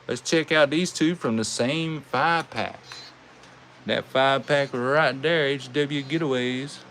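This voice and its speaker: Southern guy hosting toy car races, real slow and folksy, says y'all a lot. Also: medium pitch, a bit bright, slight background noise. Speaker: host racing toy cars. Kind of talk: casual live race commentary.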